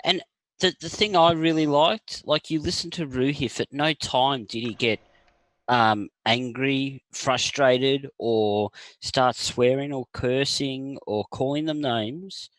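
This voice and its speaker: A man's voice: medium pitch, slow pace, a bit bright, no room sound, low-quality recording. A man co-hosting a casual online chat over a video call, explaining things at length with frequent hesitations.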